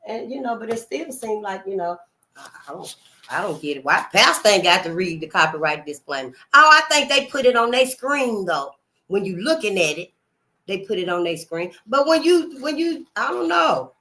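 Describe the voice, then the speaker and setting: A woman in a hot room at home, talking straight to her viewers. Her voice is bright and forceful, sitting at a middle pitch. She swears freely and preaches about her subject in casual commentary. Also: sing-song, normal speed. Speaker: channel host.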